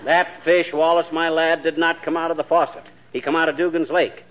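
An actor playing a brash, bragging husband who tells tall tales in a 1940s radio sitcom. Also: male voice, on the high side, level tone, fairly quick, natural voice. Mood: boastful. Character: boastful, blustering husband spinning tall tales. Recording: dull lo-fi 1940s radio broadcast with faint hiss.

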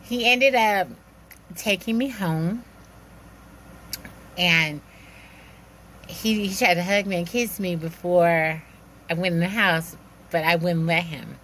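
A woman telling a personal story in a lively, animated way, acting out the dialogue and laughing now and then. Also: lowish voice, takes it slowly, long pauses, a little hiss or hum.

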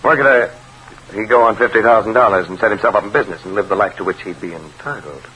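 A man's voice: fairly low pitch, fast, fairly bright tone, slight background noise, natural voice, rough recording. A man playing a menacing, bargaining blackmailer in a 1940s radio drama, hard and insolent. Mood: cold.

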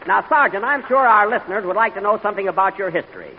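A man hosting a live radio comedy show, talking with an indignant, halting manner full of uh's. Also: high voice, narrow, tinny audio. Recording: crackly 1940s radio broadcast with live audience.

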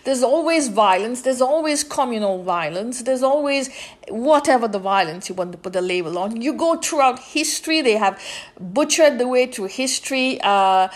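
A woman hosting a podcast, rambling in a casual monologue with many fillers and restarts, turning indignant at times. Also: fairly high pitch. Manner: indignant commentary. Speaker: podcast host.

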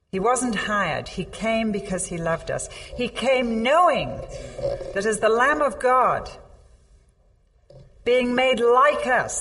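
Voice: medium pitch, fairly bright tone. A preacher delivering a sermon, stressing points with repeated phrases and reading scripture aloud with rising intensity. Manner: emphatic, repeats phrases for effect. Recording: long hall reverb.

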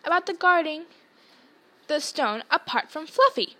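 A young schoolboy wizard, polite and curious, as a woman voices him. He asks questions plainly. His voice sits high. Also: expressive, measured pace, pushed and bright, full character voice.

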